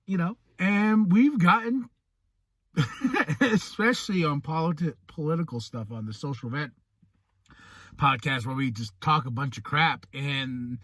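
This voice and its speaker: Animated podcast host, dry sound. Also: male voice, sits high, dry recording. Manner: animated, acts out quoted people. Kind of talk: casual monologue.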